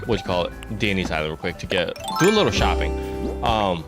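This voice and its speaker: Low-voiced man with an Eastern American accent. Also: sing-song, brisk, over loud music. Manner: rambling storyteller, many fillers. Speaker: streamer. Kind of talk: casual chat while gaming.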